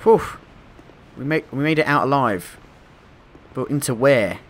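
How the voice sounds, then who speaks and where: A man commentating a game playthrough, excitable and swearing, quick to panic and laugh at himself. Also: medium pitch. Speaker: gameplay commentator. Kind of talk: let's play commentary.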